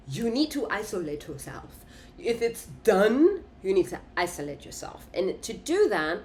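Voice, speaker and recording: A woman's voice: medium pitch, slight background noise. A woman giving a casual tarot reading in an emphatic, repetitive way, swearing and laughing often. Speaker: tarot reader.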